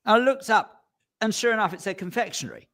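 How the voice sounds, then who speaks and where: A man in casual radio studio chat, telling an animated story and voicing the people in it. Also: high-pitched, fairly quick. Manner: animated storyteller, voices quoted lines.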